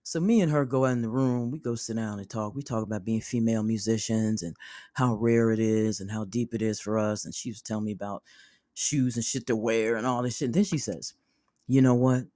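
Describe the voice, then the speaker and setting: A woman host telling a personal story with animated energy. She swears freely and jumps into the voices of the people in her story. The sound is dry and close. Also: a bass voice, brisk, dry recording.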